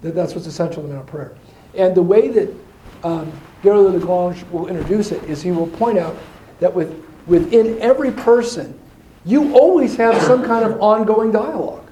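Higher-voiced man teaching in an echoey room. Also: mellow. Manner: thoughtful, digressive, with slowed emphasis. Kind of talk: explaining faith in a discussion. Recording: echoey room with faint noise.

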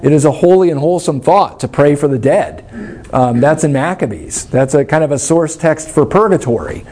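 A man's voice: a little high, expressive, moderate pace, a little mellow. A man leading a church study class, explaining things in an informal, thoughtful and wry way while answering questions.

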